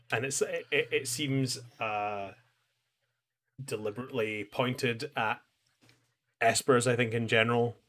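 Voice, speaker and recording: Man, bright tone, casual rambling podcast talk, acts out quotes. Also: on the low side. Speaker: podcast co-host. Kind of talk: casual chat recapping an anime.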